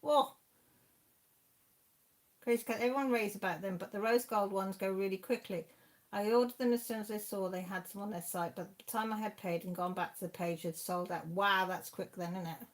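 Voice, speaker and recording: A woman's voice: mid-range voice, a little fast. Chatty Welsh woman in her sixties. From Wales. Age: 60s. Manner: chatty, rambling, reads viewer comments aloud. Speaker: channel host reading live chat. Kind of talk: casual live-stream chat.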